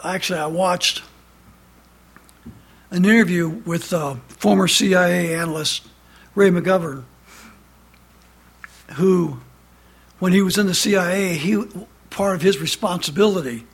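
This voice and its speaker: A man preaching a fiery sermon, emphatic and loud, sometimes dropping to a low intense tone. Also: slightly rough. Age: has adult son.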